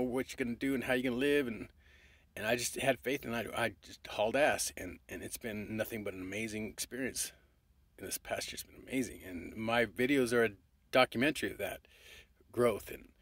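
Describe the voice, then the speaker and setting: A man's voice: medium pitch, fairly bright tone, no room sound. A man talking straight to his viewers in a rambling, affectionate, profane motivational monologue. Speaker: vlogger.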